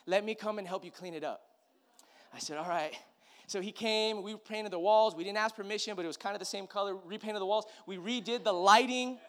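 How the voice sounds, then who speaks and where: A man preaching as a pastor, telling a personal story in a conversational way that swings from hushed to emphatic. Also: high-pitched, a little fast. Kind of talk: sermon storytelling.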